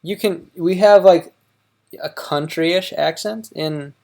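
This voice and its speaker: Creaky-voiced man with a Wisconsin accent. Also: on the high side, a little mellow. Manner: halting, with many fillers and restarts. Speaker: host reacting to a video. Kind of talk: casual reaction commentary.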